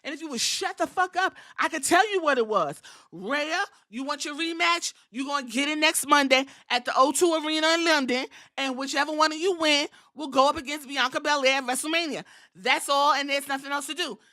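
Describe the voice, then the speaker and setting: Woman doing a stern bossy wrestling boss man, fed up, high and sharp. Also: brisk, no echo, studio quality. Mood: exasperated. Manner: stern, commanding. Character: bossy male wrestling authority figure, fed up.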